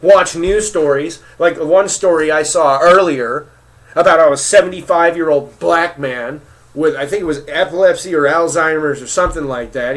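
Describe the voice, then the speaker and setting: A man vents at his viewers in a furious monologue, cursing nearly every sentence. His voice sits a touch higher than most men's, and he stammers and repeats himself as his anger builds. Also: fairly bright tone. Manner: heated, swearing constantly, repeats himself when worked up. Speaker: vlogger. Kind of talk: angry profane rant to camera.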